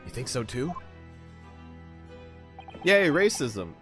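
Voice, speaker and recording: A man chatting through a story game stream, playful and self-deprecating. His pitch moves in a lively, animated way. Faint game music sits behind him. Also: slow pace. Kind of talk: casual game let's-play commentary.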